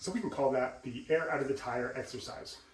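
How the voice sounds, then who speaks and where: A man teaching voice exercises, explaining and acting out examples in an animated way. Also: mid-range voice, a little fast, slight background noise. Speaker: voice coach. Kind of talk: instructional talk with demonstrations. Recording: roomy sound, mic at a distance.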